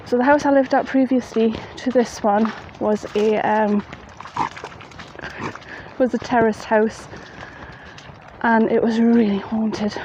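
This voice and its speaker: A woman's voice: fairly high pitch, little pitch movement, slow pace, pauses often, dark tone, highs cut off. A woman telling a ghost story in a chatty, plain-spoken way, outdoors at night in the rain. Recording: faint rain noise behind.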